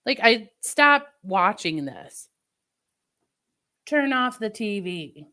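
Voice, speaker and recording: A woman's voice: mid-range voice, big pitch swings, slow, sharp tone. A woman livestreamer in casual chat with her viewers, venting opinions in a chatty way. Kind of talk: casual live-stream chat.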